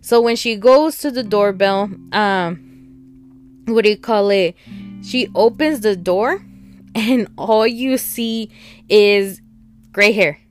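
A chatty woman rambles through a TV episode recap, slipping into the characters' lines as she goes. Her voice sits at a middle pitch, with soft guitar music playing faintly behind her. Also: takes it slowly, long pauses. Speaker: TV show reviewer. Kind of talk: casual recap and review.

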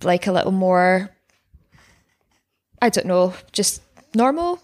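A woman's voice: fairly low pitch, expressive, slow pace, a little mellow. A woman co-hosting a casual podcast, recapping episodes in a chatty, wry way with frequent laughs. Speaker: podcast co-host.

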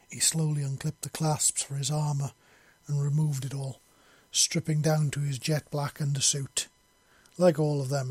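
A man narrating a story in a steady, measured audiobook reading. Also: medium pitch, slightly rough, dry recording.

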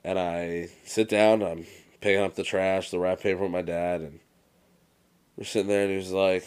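A young man co-hosting a podcast in casual chat, an animated storyteller who swears freely and acts out movie quotes. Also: sits low, moderate pace, clear, resonant tone. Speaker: podcast co-host.

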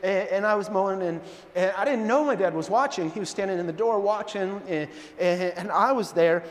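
High-voiced animated preacher in a hall. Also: male voice, brisk. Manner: animated storyteller, acts out voices, frequent restarts. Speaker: pastor. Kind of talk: sermon storytelling. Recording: long reverb in a large hall.

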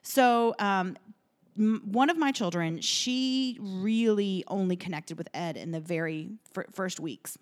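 A woman co-hosting a podcast, telling a personal story in casual chat at a kitchen table, animated and emotional, with plenty of fillers. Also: medium pitch, a little slow. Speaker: podcast co-host.

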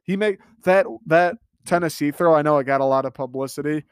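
A man hosting a solo sports podcast, talking in an animated, emphatic way and swearing freely. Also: a little high, fairly quick, clean tone, no echo, clean studio sound. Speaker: podcast host.

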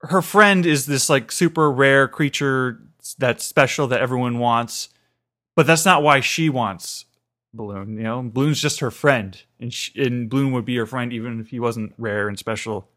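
A man with a middle-of-the-road pitch talks casually on a podcast, retelling an episode. He rambles through it with many fillers, restarts and asides. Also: normal speed, bright, forceful tone. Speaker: podcast co-host. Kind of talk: casual recap chat.

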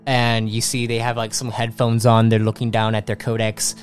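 A man's voice: medium pitch, monotone, faint music behind. A man narrating a tabletop role-playing game as game master, stumbling and restarting his sentences. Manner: halting, many restarts.

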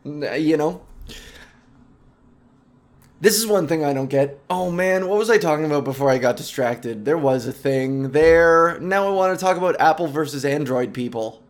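A man's voice: on the high side, normal speed. A man hosting a comedic solo podcast, rambling and self-mocking, and easily sidetracked, speaking close to his microphone. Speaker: podcast host.

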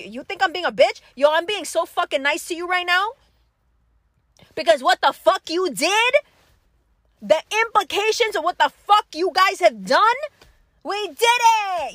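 A woman's voice: very high voice, bright, forceful tone, no echo, clean studio sound. A woman delivering a blunt, heavily profane and confrontational political rant at her audience.

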